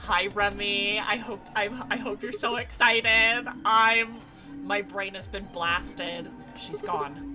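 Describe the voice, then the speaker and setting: A young woman streaming a game, excitable and loud, swearing, laughing and screaming as she plays. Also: medium pitch, slow, over music. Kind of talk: let's play commentary.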